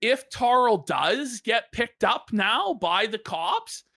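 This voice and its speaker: A woman's voice: on the high side, very animated, slow, a bit bright. A woman hosting a live stream, telling a story in casual commentary, laughing and swearing as she goes. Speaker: streamer host.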